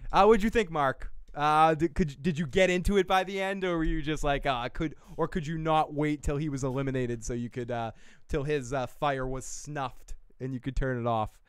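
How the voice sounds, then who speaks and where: A man's voice: a little high, steady tone, moderate pace, clear, resonant tone, no echo, clean studio sound. Swearing, laughing male livestream host. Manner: profane and rambling, laughing often. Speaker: show host. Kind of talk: casual livestream chat. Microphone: desk mic.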